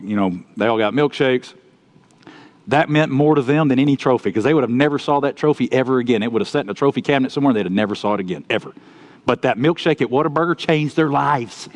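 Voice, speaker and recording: A man preaching a sermon, telling folksy stories and swinging between loud outbursts and quiet asides. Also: mid-range voice. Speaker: pastor.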